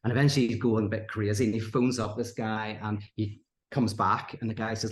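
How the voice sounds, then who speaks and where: A man's voice: brisk, slight background noise. A man, a podcast guest telling stories in casual conversation, acting out the people he quotes. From Northern Ireland. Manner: animated, acts out quoted characters with rising pitch. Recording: roomy echo.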